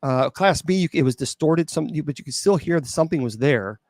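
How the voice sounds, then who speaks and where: A man, a bishop and exorcist, telling a spooky true story at an open mic, halting with restarts and incredulous asides. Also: a little high, animated, dry recording, clean studio sound. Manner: halting, with many restarts and fillers.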